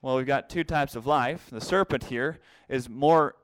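A man's voice: mid-range voice, unhurried, a bit bright, clear, resonant tone, no echo. Male Bible teacher at a whiteboard; explanatory, repeats key terms; close, dry sound. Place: classroom with a whiteboard.

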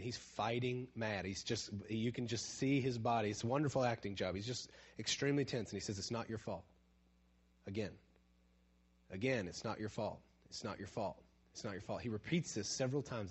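A man preaching a conversational sermon who asks his listeners questions, drops to a hush and then builds to emphatic points. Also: medium pitch, husky. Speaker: pastor.

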